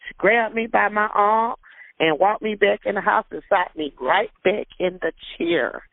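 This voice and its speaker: A woman's voice: medium pitch, unhurried, gravelly, dry recording. A woman recounting a personal ordeal in an interview, emotional, repeating herself and acting out the dialogue. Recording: tinny phone-like sound, dry.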